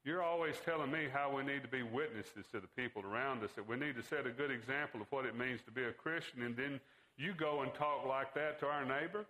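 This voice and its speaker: A man's voice: mid-range voice, brisk, sharp tone, lightly acted, rough recording. A man reading as an indignant teenage son. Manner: pointed rhetorical questions. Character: teenage boy, earnest and accusing son.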